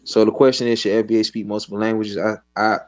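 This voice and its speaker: A man's voice: fairly low pitch, little pitch movement, fast. A man joining a talk-show panel, speaking hesitantly with false starts.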